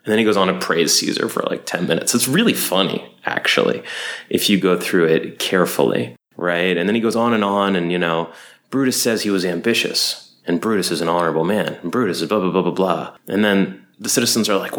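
A man hosting his own podcast, talking casually in an animated, rambling way with lots of fillers. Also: low-pitched, fairly quick. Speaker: podcast host and co-founder. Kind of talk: casual solo podcast talk.

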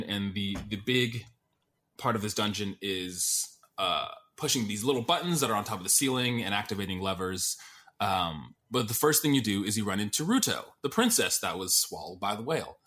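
A man's voice: lowish voice, sing-song, normal speed, fairly bright tone. A man co-hosting a podcast in casual chat, rambling with lots of fillers and sounding exasperated. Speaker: podcast co-host.

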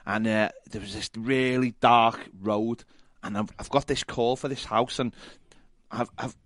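A man, telling a lively anecdote on a casual podcast, laughing as he goes. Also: medium pitch, unhurried, dry recording, studio quality. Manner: animated anecdote teller, laughs often. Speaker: podcast co-host. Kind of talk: casual storytelling chat.

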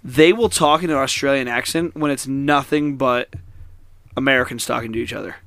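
A man's voice: medium pitch, brisk, gravelly, fairly bright tone, no room sound. A young man hosting a casual podcast chat with friends at a campsite, rambling and joking, sometimes mimicking others. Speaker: podcast host. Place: camper van at a campsite.

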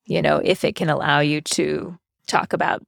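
A woman's voice: deep voice, level tone, moderate pace, creaky, dry recording, studio quality. A woman co-hosting, talking in a casual, matter-of-fact way. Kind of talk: conversational podcast chat.

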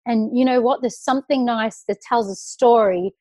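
A woman's voice: on the high side, moderate pace, warm tone, no echo. A woman, a makeup artist chatting animatedly as a guest, full of fillers and stories. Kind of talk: casual chat.

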